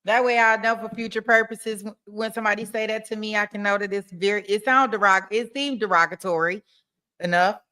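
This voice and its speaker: A woman's voice: medium pitch, steady tone, a little fast, pushed and bright. A woman hosting a livestream and chatting casually with her viewers in a playful, teasing way, with features. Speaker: livestream host. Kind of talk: casual chat with live viewers. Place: home desk.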